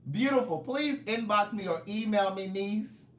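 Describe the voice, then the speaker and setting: On a live stream, a male author chats casually, animatedly telling stories, joking and teasing his viewers. His voice is high and unhurried, with a roomy sound.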